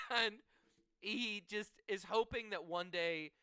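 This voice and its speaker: Man, bright tense tone, smooth clear voice, dry close sound, profane storyteller. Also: high voice, lively intonation, slow pace, no room sound. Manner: profane, storytelling, laughs often. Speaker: podcast co-host. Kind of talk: casual sports chat.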